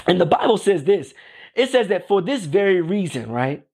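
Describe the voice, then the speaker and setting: Man, preacher, high voice, casual sermon, repeats himself, keeps asking "right?". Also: sing-song, normal speed, darkish tone, breathy edge. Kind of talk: conversational sermon.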